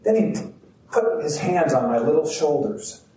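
A man's voice: fairly high pitch, sing-song, unhurried, warm tone. A man, an actor and storyteller, giving a heartfelt live performance that he speaks straight to the audience. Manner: heartfelt, addressing the crowd directly. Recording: roomy, distant outdoor sound with faint background noise.

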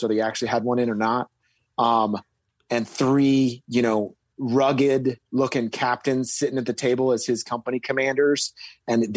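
This man's medium-pitched voice comes through without echo as he, a guest, casually describes his military service. The story rambles with many fillers and restarts, punctuated by sudden stress on key words.

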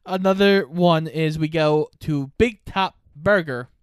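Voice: mid-range voice, unhurried, smooth, dry recording, studio quality. A podcast co-host recapping a movie plot in a casual, matter-of-fact way.

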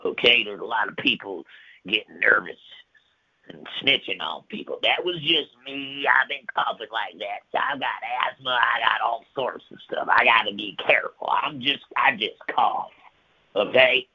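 A man telling a rambling, profane comic tall tale on the radio, swinging from loud outbursts to hushed whispers. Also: medium pitch, moderate pace, vocal fry, slightly rough, highs cut off.

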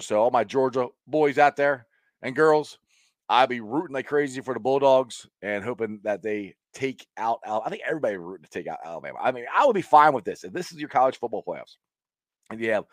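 A man's voice: mid-range voice, dry recording. A man hosting a casual live-stream sports talk show, reading viewer comments in an upbeat, rambling way, often repeating words and chuckling.

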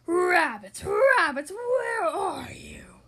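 A hungry, huffy young wolf boy from a storybook howls for rabbits in long, stretched calls, as a woman puts him on. The voice soars high and loud, swinging widely in pitch. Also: lively intonation. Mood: howling. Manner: howling, drawn-out calls.

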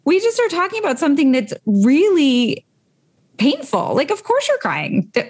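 A woman's voice: sits high, huge pitch swings, moderate pace, a little mellow. A woman in her thirties, a co-host talking earnestly and reflectively about emotions and parenting, with many fillers. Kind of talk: casual chat.

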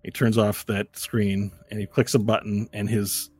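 A man running a tabletop game as game master, narrating each scene in vivid, rambling detail. His voice is husky and breathy, and he often restarts his phrases. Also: lowish voice, level tone, normal speed, darkish tone, no echo, faint music behind.

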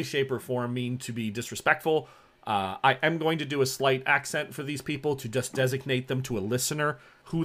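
A man's voice: mid-range voice, a bit bright. A man narrating a tabletop role-playing game as game master, rambling through descriptions with many fillers.

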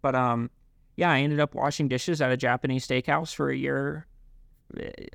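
A young man telling his life story in an interview, halting, with many fillers and restarts. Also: medium pitch, fairly even intonation, creaky, fairly bright tone, no room sound, clean studio sound. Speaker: guest. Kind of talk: reflective interview talk.

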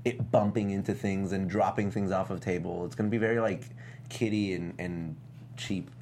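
Man, casual chat, opinionated, animated, very low pitch, faint hiss. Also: moderate pace. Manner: lively, opinionated, animated complaining.

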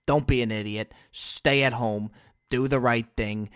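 A man hosting a solo comedy podcast, telling stories with loud bursts and low asides and casual swearing. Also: steady tone, unhurried, clear, resonant tone. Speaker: podcast host. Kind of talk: comic solo podcast monologue.

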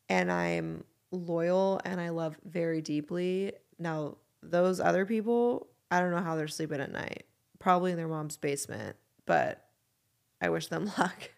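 A woman in her thirties talks on her podcast in a low, gravelly voice with a bit of vocal fry. She is frank and candid and swears casually as she chats. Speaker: podcast host.

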